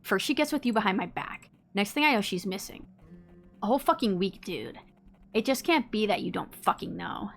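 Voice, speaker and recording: A woman's voice: medium pitch, animated, fairly quick, gravelly, faint music behind. A woman reading the lines of a furious young man who hurls swearing accusations at a rival. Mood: angry.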